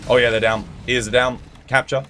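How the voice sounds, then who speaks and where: A man's voice: medium pitch, little pitch movement, fairly quick, sharp tone, slight background noise. A man live-streaming a game, chatting casually, greeting viewers by name and explaining game mechanics. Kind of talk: casual live-stream chat and gameplay tips.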